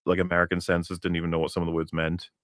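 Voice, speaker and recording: A man's voice: low-pitched, monotone, rapid-fire, fairly bright tone. A man co-hosting a review stream, chatting enthusiastically with restarts and swearing. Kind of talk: casual chat.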